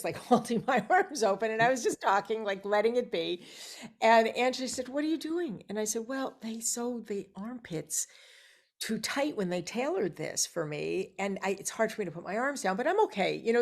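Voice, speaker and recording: A middle-aged actress telling lively anecdotes as a guest, acting out the dialogue she quotes. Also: a little high. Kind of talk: casual interview storytelling.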